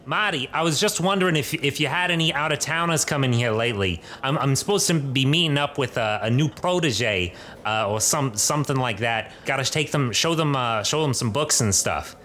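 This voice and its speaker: A man's voice: medium pitch, animated, brisk, fairly bright tone, voice pushed up, close to an everyday voice. A man voicing a dwarven professor in tweed, chummy and eager, in a tabletop game.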